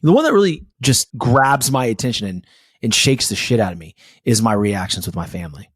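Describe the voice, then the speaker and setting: A man's voice: lowish voice, animated, brisk, slightly rough, dry recording, studio quality. A young man hosting a podcast, talking in a casual, confessional way and swearing often. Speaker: podcast host.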